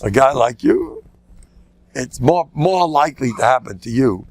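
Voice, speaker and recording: Older rabbi telling jokes, lively pitch. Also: male voice, measured pace, no echo. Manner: animated, jumps into loud high voices for quoted lines; self-interrupting, repeats words, laughs at own jokes. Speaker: rabbi giving a lecture. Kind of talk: storytelling talk with jokes.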